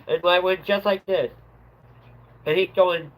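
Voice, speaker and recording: A middle-aged man chats on his livestream, voice sitting a little high for a man. He rambles loosely through an old work story and laughs at his own punchlines. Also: normal speed, fairly bright tone, poor audio. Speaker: livestream host. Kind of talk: casual storytelling chat.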